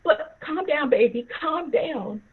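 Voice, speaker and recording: A woman's voice: high voice, lively intonation, slow, voice pushed up. A woman voicing a worried mother who soothes her husband and children through tears. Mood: pleading. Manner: soothing, tearful. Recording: tinny phone-like audio.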